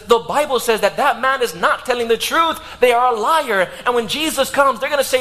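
A man preaching a sermon, emphatic, swinging his pitch and pace for effect. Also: fairly quick, hardly any pauses, bright, forceful tone. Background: music.

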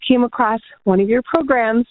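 Female caller, fairly high, tinny phone line, earnest and chatty. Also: normal speed.

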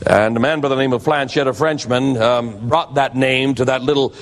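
A man's voice: mid-range voice, fairly even intonation, moderate pace. A man preaching a sermon, earnest and warning, telling stories to make his point. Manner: earnest, warning tone with storytelling asides. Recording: long hall reverb.

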